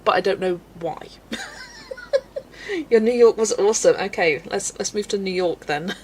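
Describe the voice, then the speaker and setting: A woman's voice: mid-range voice, huge pitch swings, a little slow, a little mellow, a little hiss or hum. A woman chatting casually at home while colouring on a livestream, answering chat and often breaking into giggles. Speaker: livestream host.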